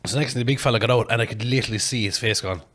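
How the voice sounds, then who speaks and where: A man, a podcast host telling a long story in casual chat, animated and laughing, with plenty of swearing. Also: medium pitch, very fast.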